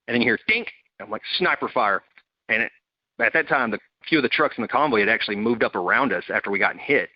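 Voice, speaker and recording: Vet guy, lowish voice, casual storytelling, does the voices, dry dull audio. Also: no echo. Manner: animated, acts out quoted voices. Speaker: Marine veteran guest. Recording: dull, dry close recording.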